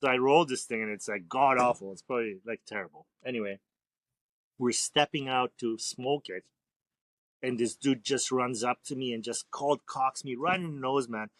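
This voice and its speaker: A man's voice: mid-range voice, moderate pace, a bit bright, no room sound. A man speaking as a tattoo artist guest on a podcast, telling rambling, profane stories in a laid-back way. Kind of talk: casual storytelling interview.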